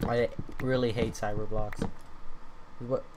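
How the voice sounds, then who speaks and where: A man at his computer giving casual let's-play commentary, chatting to his viewers as guys and fellas. His voice sits at an average pitch, and he breaks into loud profane cursing when things go wrong. Keyboard clicks and typing are clearly heard behind him. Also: little pitch movement, unhurried, background noise. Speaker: gaming video creator. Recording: keyboard and mouse clicks audible.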